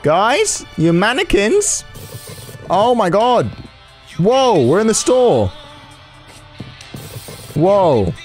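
A man hosting a gaming video, giving excitable let's-play commentary, swearing and yelling in reaction. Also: sits high, extremely slow, long pauses, faint music behind.

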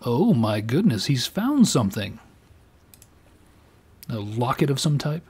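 A man's voice: mid-range voice, big pitch swings, measured pace, a little mellow, husky. A tipsy man giving rambling, self-mocking let's play commentary. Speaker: game commentator.

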